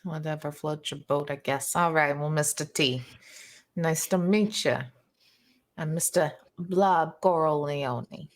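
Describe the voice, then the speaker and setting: A woman's voice: deep voice, takes it slowly. A woman voicing an aging male mob boss in a tabletop game, with a put-on mobster accent and a folksy, schmoozing drawl.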